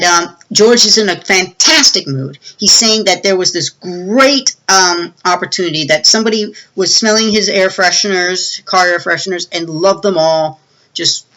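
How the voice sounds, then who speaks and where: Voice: mid-range voice, sharp tone, poor audio. A movie reviewer giving a casual, rambling plot recap with many fillers and restarts.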